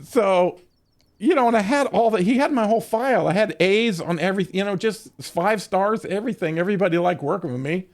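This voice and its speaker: Profane rambling man with a high voice. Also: lively intonation, a little fast. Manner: profane, rambling, laughs often. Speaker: game streamer. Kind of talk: casual storytelling during a game stream.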